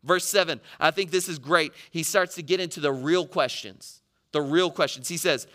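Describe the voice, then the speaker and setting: A man preaching a sermon, building from quiet reflection to impassioned, near-shouted readings of a psalm. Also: fairly high pitch, moderate pace. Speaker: pastor.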